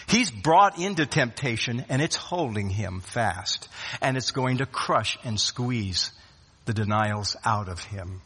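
A man preaching a sermon, swinging between loud rising questions and hushed low drops, often repeating words as he restarts a phrase. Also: husky. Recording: long hall reverb.

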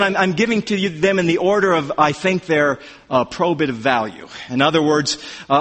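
Preacher, male, higher voice, lively delivery, long church-hall echo. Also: slightly rough. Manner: animated, emphatic, rising to near-shouts for questions. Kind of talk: expository sermon. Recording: reverberant hall.

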